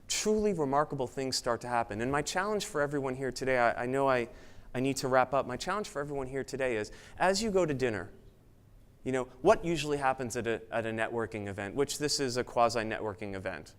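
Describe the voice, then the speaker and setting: A man speaks from a conference stage in an earnest, emphatic keynote style. His voice sits at an ordinary pitch for a man, and his delivery is built to inspire the audience in the room. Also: quick pace, clean tone. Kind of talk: motivational keynote talk.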